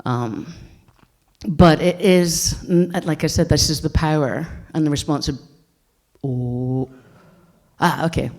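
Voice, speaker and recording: A woman's voice: low-pitched, slow, creaky, a little mellow. A Scottish woman in her forties gives a conference talk to an audience in a blunt, wry, joking manner. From Scotland. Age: 40s. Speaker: conference speaker.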